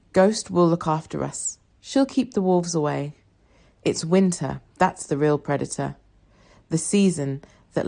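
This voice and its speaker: A woman reading a novel aloud in the first person, soft and reflective. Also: lowish voice, creaky. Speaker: audiobook reader.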